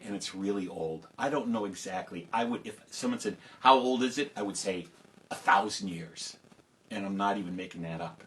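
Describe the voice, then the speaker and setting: A man telling a folk tale to children, lively and conversational with casual asides. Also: sits low, a little hiss or hum, low-quality recording. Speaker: storyteller. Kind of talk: oral storytelling for children.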